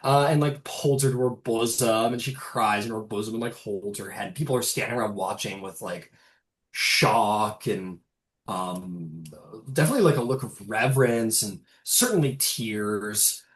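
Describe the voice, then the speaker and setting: A man narrating as game master, casual and halting with many restarts. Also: lowish voice. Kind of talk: narrating a tabletop game online. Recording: roomy echo.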